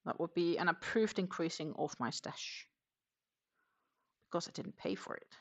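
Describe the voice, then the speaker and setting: A woman's voice: fairly low pitch, normal speed. A Danish woman with a mixed Danish, Dutch and English accent, chatting casually on a crochet livestream from home and reading viewer comments aloud, with many fillers. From Denmark. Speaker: crochet live streamer.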